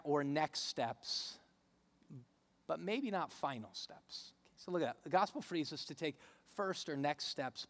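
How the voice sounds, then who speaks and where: A man's voice: fairly high pitch, fairly bright tone. Preaching man in a reverberant hall. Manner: conversational, storytelling, rising emphasis on key points. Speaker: pastor. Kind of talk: sermon.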